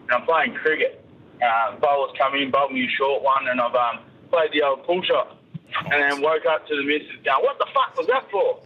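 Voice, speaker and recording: Husky caller on a dull line. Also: male voice, mid-range voice, fairly even intonation, normal speed. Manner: rambling, many ums. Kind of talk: phoned-in voice message. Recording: dull lo-fi phone message.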